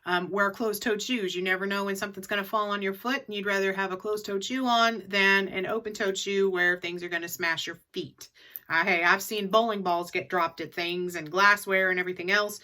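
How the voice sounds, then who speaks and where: A woman's voice: medium pitch, steady tone, a little fast, bright, forceful tone. A middle-aged woman in a casual advice vlog, chatty and repeating her key tips for emphasis. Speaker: reseller vlogger.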